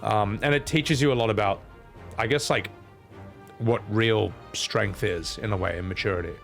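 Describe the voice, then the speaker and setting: A man's voice: on the low side, normal speed, gravelly. Rambling streamer man. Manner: rambling, reading chat aloud with fillers. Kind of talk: casual chat with viewers. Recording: faint game music behind. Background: faint game music.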